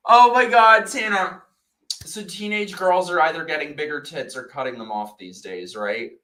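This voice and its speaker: A man hosting a casual live-stream chat, loud, crude and excitable, quick to laugh. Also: a little high, roomy sound. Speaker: podcast host.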